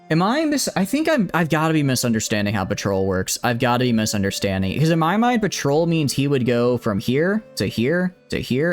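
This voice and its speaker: A man streaming a strategy game live, rambling and correcting himself as he chats with viewers. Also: medium pitch. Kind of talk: live gameplay commentary.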